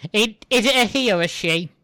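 A woman co-hosting a casual podcast chat, speaking in a halting, hesitant way. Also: mid-range voice, animated, a bit bright, no room sound.

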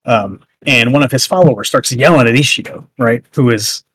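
A man's voice: mid-range voice, moderate pace, fairly bright tone, husky, no room sound. A man co-hosting a casual podcast chat, rambling with lots of fillers and restarts as he recaps a show. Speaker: podcast co-host.

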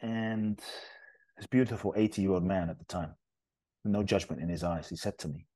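A man from Ghana, a spiritual teacher, telling a story as a podcast guest in an earnest, animated way. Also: low voice, normal speed, husky, dry recording.

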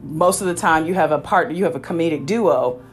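A woman as the solo podcast host, deep voice, chatty and tangent-prone, faint music underneath. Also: fairly quick. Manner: rambling, self-interrupting, chatty asides. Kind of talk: casual solo review chat.

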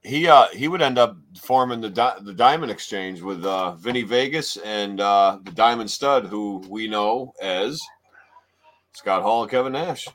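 Man, podcast co-host, casual chat, agreeable, quick short replies. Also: lowish voice, fairly bright tone.

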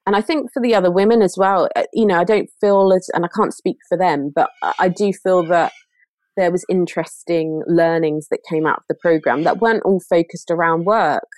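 Reflective woman, a little low, dry sound. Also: fairly quick, darkish tone, no room sound. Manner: earnest, reflective, full of small restarts. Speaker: podcast guest. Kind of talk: casual chat.

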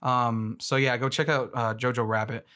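A man's voice: medium pitch, little pitch movement, moderate pace, sharp tone. A young man with a mid-range voice rambles through a casual trailer reaction. He leans on fillers, restarts his sentences and laughs easily as he goes. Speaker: movie commentator.

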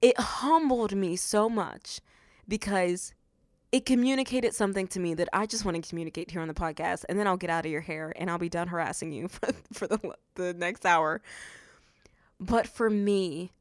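Young woman podcasting, smooth clear voice, lowish, dry close sound, acts out quotes. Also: normal speed, no echo. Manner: animated storytelling, acts out quotes. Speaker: podcast host. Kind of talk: faith-based podcast monologue.

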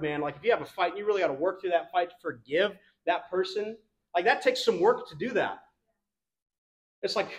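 Young male pastor, relaxed chatty sermon delivery, slightly high voice. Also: dull audio. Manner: casual, conversational preaching with fillers and laughs. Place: church.

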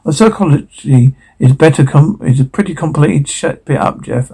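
A man voicing every character in a comedy sketch, trading quick lines back and forth. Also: mid-range voice, expressive, gravelly, mellow, husky, poor audio.

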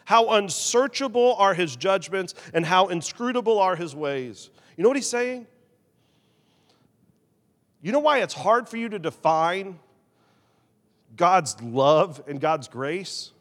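A man preaching a sermon as pastor, animated, swinging between loud emphasis and quiet, confessional asides. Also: sits high, takes it slowly, pauses often, big-room sound.

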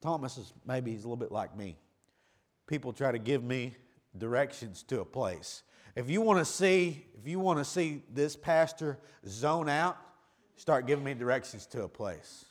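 A male pastor, preaching a sermon that swings between quiet, low asides and loud, raised cries. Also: expressive, normal speed.

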